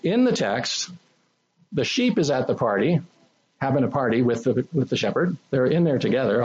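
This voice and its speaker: A male preacher with a husky, slightly breathy voice at a middle pitch delivers a sermon in a chatty, animated way. The recording sounds dull and lo-fi, with the top end rolled off. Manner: conversational, animated, acts out quoted speech.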